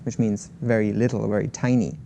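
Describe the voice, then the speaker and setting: A man from Germany, co-hosting a language lesson and calmly repeating and explaining words. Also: fairly low pitch, a little fast, vocal fry, a little hiss or hum. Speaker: co-host and language learner. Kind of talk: casual lesson chat.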